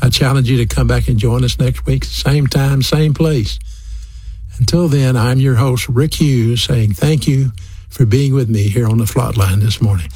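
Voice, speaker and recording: Radio preacher, male, folksy and earnest, husky voice, dry studio sound. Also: medium pitch, moderate pace, darkish tone, no echo. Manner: folksy, earnest, asks "okay?" for agreement. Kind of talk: radio sermon sign-off.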